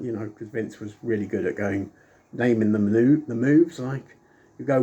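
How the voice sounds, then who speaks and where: A man's voice: mid-range voice, a little fast, slightly rough, dull audio. A man casually reviewing an old wrestling broadcast, rambling with lots of ums and acting out quoted lines. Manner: chatty, rambling with frequent ums; animated, acts out quoted lines.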